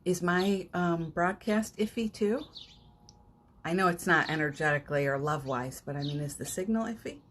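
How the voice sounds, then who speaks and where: A woman with a slightly low voice hosts a live-streamed morning session from home, chatty and light, slipping into slow guided affirmations. She laughs often and drops to near-whispers. A faint hiss of background noise sits under her phone-mic sound. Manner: chatty, warm-hearted, laughs often, breaks into soft affirmations. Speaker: spiritual coach hosting a live morning session.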